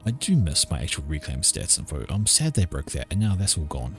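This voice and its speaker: Low-voiced man casting a strategy game. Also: very animated, brisk, soft background music. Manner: chatty, with offhand jokes and asides. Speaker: game caster. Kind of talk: casual play-by-play game commentary.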